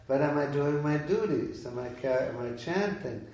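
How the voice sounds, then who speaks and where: A man tells a story in a loose, halting way, restarting his sentences again and again. His voice is heard from a distance in a very echoey room. The sound is dull and lo-fi. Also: a little high, lively intonation, darkish tone. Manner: halting, full of restarts and fillers. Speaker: speaker at a devotional gathering. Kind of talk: informal storytelling talk.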